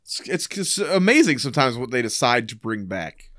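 A man co-hosting a podcast in casual chat, loose and profane, acting out scenes in quick voices. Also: medium pitch, sing-song, a bit bright, dry recording, studio quality. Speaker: podcast co-host. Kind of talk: casual chat about old sitcoms.

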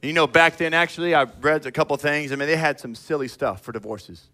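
Here a pastor with a slightly high voice gives a lively, forceful sermon. Along the way he calls out members of the congregation and acts out various people in quick asides.

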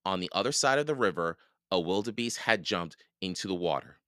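A man reading a children's book aloud for a podcast, slow and expressive. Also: low voice, smooth, no echo, studio quality. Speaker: podcast read-aloud host.

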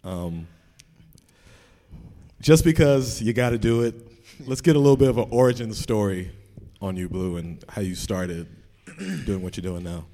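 Mellow low-voiced man hosting. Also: normal speed, long reverb tail. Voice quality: laid-back, hesitant fillers. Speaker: host. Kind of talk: casual live interview. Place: live event with audience.

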